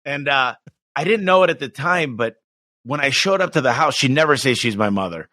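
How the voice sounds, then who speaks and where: A middle-aged man talking as a podcast guest, with bright, forceful energy and frequent restarts. The recording is dry and close, with no room around the voice. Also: mid-range voice, dry recording. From United States. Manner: energetic, emphatic, quick restarts, acts out quoted voices. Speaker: business owner guest. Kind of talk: casual podcast interview.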